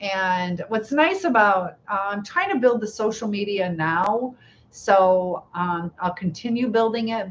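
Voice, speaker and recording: A woman's voice: mid-range voice, a bit bright, highs cut off, slight background noise. A middle-aged woman hosting a casual live stream, chatting, laughing often and reading viewer comments aloud.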